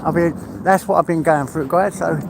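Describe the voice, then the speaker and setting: A man's voice: on the high side, normal speed, creaky, noisy background. An older man, chatting casually and heartfelt on a live stream, rambling and laughing often. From England.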